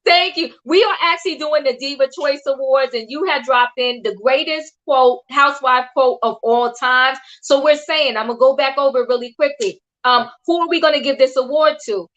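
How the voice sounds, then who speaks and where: An older woman hosting a casual livestream, chatting in an animated way and acting out quotes she repeats. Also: sits high, moderate pace, hardly any pauses. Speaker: host. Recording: dull lo-fi stream audio.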